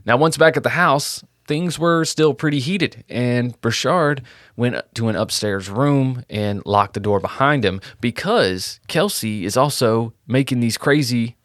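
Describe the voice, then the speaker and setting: A man co-hosting a true crime podcast, retelling the case in a relaxed, casual way and swearing now and then. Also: medium pitch, a little slow, dry recording, clean studio sound. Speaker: podcast co-host.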